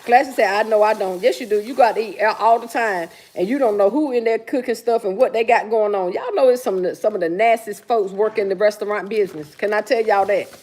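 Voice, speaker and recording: A woman's voice: mid-range voice, fast, hardly any pauses, a little mellow. A middle-aged woman hosting a casual live stream from her kitchen while cooking, reading viewer comments aloud and teasing them in an easygoing talky way. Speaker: livestream host.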